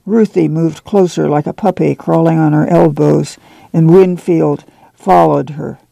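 A man reading a novel aloud for a radio program in plain, even narration at a close studio microphone. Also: on the high side, unhurried, vocal fry, no echo, poor audio. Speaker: audiobook reader.

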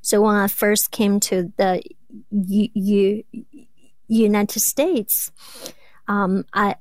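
A woman in her thirties from rural China, a Chinese native speaker, talking as an interview guest with a clear stutter of repeated sounds and blocks. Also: mid-range voice, steady tone, very slow, no echo. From rural southwest China. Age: 30s. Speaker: guest, doctoral student. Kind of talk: interview conversation.

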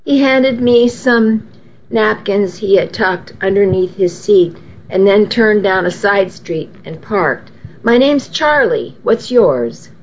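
Slow, measured woman storyteller. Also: medium pitch. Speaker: narrator. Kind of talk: first-person story reading. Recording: dull lo-fi with faint hiss.

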